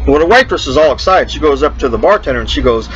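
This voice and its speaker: A man tells jokes in a loose, rambling way and keeps repeating "he goes" between lines. His voice rises and falls with lively pitch, a little higher than most men's. The recording sounds dull and lo-fi. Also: fast talker. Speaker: host telling jokes. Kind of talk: casual joke telling.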